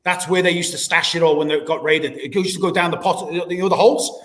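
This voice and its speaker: A man, a former doorman, telling lively anecdotes in casual chat, swearing and laughing a lot. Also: on the high side, fast talker. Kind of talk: casual storytelling.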